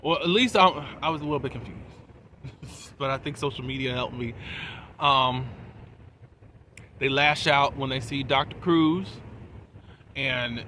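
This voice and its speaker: A man's voice: medium pitch, a little slow, pauses often, sharp tone, slight background noise. A man giving a casual, chatty recap of a TV episode, laughing between points and asking his viewers questions. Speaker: TV episode reviewer.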